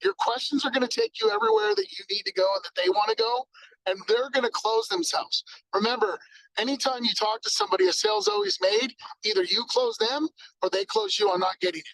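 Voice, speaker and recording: A man giving an energetic sales training talk, acting out exchanges with customers. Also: very high-pitched, quick pace, gravelly, dry recording, poor audio.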